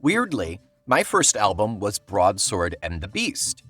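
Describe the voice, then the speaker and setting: A man's voice: lowish voice, wildly swooping pitch, slow, fairly bright tone, breathy edge, dry recording, soft background music. A male podcast co-host in casual chat, reading listener emails aloud and laughing often.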